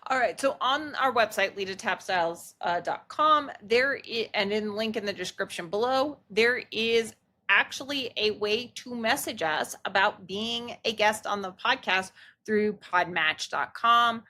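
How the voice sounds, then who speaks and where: A middle-aged woman co-hosts a casual podcast and explains things in an easygoing, chatty way. Her voice is bright, at an ordinary pitch for a woman. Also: unhurried. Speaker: podcast co-host, mother. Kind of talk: casual chat.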